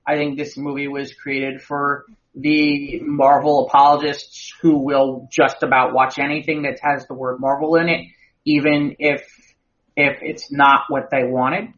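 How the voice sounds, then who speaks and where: On a podcast recorded in muffled lo-fi audio, this co-host speaks in a fairly high, bright voice. His casual movie-review chat rambles, full of restarts and repeated words.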